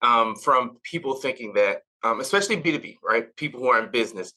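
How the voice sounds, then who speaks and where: A man in his forties, a podcast guest, explaining his work in a relaxed way with many "um"s. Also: medium pitch, fast, low-quality recording. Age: 40s. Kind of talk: casual interview.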